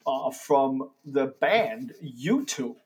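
A man putting on a slow, oddly paused impression of a well-known male film actor. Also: mid-range voice, lively intonation, darkish tone. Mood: deadpan.

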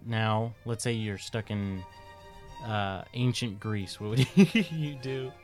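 A young man with a fairly low voice, hosting a relaxed podcast chat. He prods with questions and teases the others. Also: slow pace, faint music behind. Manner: prodding questions, teasing. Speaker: podcast co-host. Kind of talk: casual chat.

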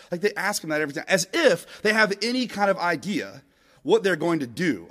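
A man's voice: a little high, sing-song, fairly quick, fairly bright tone. A middle-aged man preaching a casual, upbeat sermon to a live congregation, talking loosely with fillers and asides. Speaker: pastor. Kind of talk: conversational sermon. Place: church service before a live congregation.

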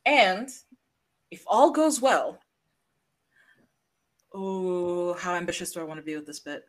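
A woman's voice: on the low side, slow pace. A woman co-hosting a casual podcast from her home office, chatty and self-mocking, often restarting her sentences. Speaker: podcast co-host. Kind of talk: casual chat.

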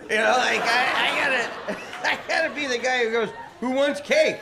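A man as a comic with a high voice who rambles through his set, loud crowd and heavy noise behind. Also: a little fast, gravelly. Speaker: stand-up comedian. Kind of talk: stand-up set on stage.

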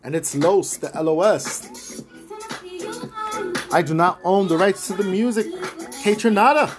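A man hosts his podcast in loose, animated chat, teasing and joking. His voice sits on the higher side, and soft music plays faintly behind him. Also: a little slow. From Brooklyn, New York. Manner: playful, teasing, loud and animated. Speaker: podcast host.

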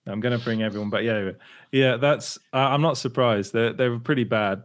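A man chatting on a podcast at an ordinary middle pitch. He breaks into laughter often and trips over his own words as he goes. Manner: laughs often, quick restarts. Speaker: podcast co-host. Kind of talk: casual chat.

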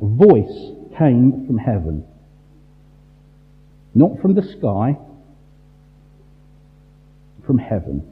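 Emphatic preacher in a big echoing hall. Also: male voice, mid-range voice, huge pitch swings. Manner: emphatic, rhetorical questions, dramatic pauses. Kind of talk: sermon. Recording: tinny phone-like sound in a large reverberant hall.

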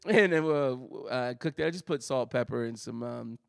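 Gravelly animated man in his thirties. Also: mid-range voice, normal speed, no echo, studio quality. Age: 30s. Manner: animated storyteller, laughs often. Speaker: co-host. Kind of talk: casual chat.

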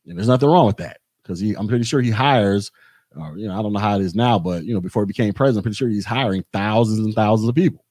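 A man's voice: fairly low pitch, fast, darkish tone, no echo, studio quality. A podcast host, a man, delivering a blunt, repetitive political rant in a monologue. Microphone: podcast mic.

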